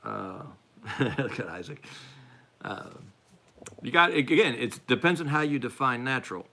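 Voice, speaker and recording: Rambling man with a lively voice. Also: medium pitch, unhurried, creaky. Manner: rambling, self-deprecating, frequent restarts and fillers. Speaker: podcast host. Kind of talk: casual live-stream political chat.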